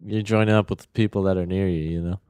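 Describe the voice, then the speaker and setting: A man's voice: low voice, steady tone, quick pace, a little mellow, clear, resonant tone, no echo. A man in casual podcast chat, talking hesitantly with many fillers. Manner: hesitant, lots of "uh" and "like". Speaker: podcast co-host.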